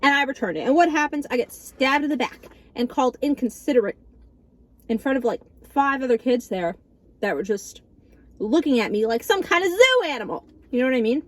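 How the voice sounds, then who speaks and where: Sarcastic young woman vlogger, higher voice. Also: expressive, fairly quick. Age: early 20s. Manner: sarcastic, dramatic storytelling. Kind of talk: casual mukbang chat.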